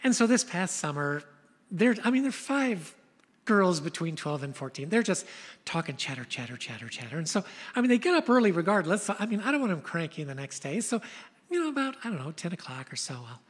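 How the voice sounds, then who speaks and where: An older woman pastor preaching a sermon, telling stories in an animated way. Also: medium pitch, fairly quick, in a large hall. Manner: storytelling, animated retelling of scenes.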